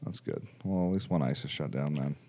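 A man's voice: a bass voice, brisk, warm tone. A young man hosting a casual office podcast, easygoing and steering the talk between segments. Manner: easygoing, moves the show along. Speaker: podcast host.

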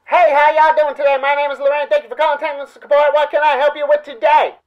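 A woman's voice: high voice, little pitch movement, quick pace, lo-fi sound, voice pushed up, natural voice. A man doing a chirpy drawling support lady. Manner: perky, thick drawl. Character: chirpy drawling female phone-support agent.

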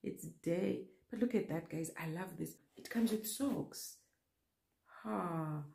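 A woman's voice: lowish voice, takes it slowly, vocal fry, warm tone. A young woman vlogging an unboxing in a casual, gushing way, talking straight to her viewers. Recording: echoey room with faint noise.

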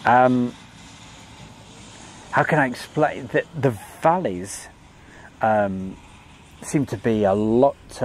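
A man's voice: on the low side, a little hiss or hum. Chatty British man hosting an airfield stream. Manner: chatty, rambling, reads out viewer comments. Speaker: live airfield stream host. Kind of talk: casual live-stream commentary. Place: outdoors at an airfield.

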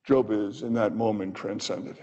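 A male physician giving a lecture, retelling an old story with expressive pauses in a lecture hall. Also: on the low side. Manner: expressive, pausing for effect. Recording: dull audio with long hall reverb.

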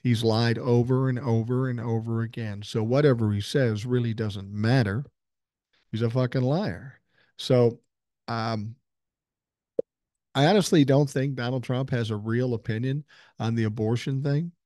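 Older male podcast host, mellow dry voice, blunt and profane. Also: mid-range voice, steady tone, measured pace, no echo. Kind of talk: casual solo podcast talk.

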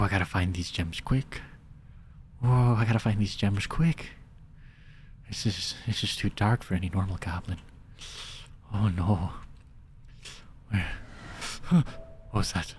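A greedy little gem goblin , as a streamer puts him on, talking with a wet, spitty mouth and muttering to himself. He drawls along at an unhurried crawl, in a voice sitting a bit lower than a typical man's. It is improvised game role-play. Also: slight background noise. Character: small scavenging male gem goblin, greedy.

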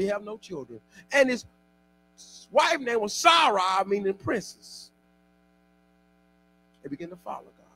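Pastor, male, very high and gravelly, lively call-and-response preaching in church. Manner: exhorting call-and-response preaching, often shouting. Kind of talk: sermon.

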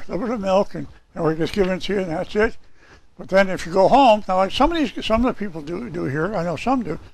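A man's voice: high-pitched, dry recording. A male pastor preaching a sermon, emphatic and repeating his key phrases.

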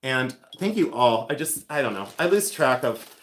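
A man's voice: medium pitch, sing-song, moderate pace, slight background noise. Chatty man livestreaming in an echoey room. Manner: chatty, easily distracted, self-amused, thanks viewers by name. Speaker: antique dealer and livestream host. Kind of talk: casual livestream chat reading the chat.

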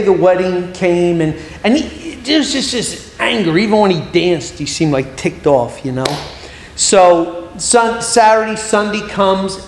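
A middle-aged man, an evangelist, telling a story in a sermon with lively humorous asides, recorded in a church hall. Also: high voice, slight background noise. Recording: very echoey hall, faint ambience.

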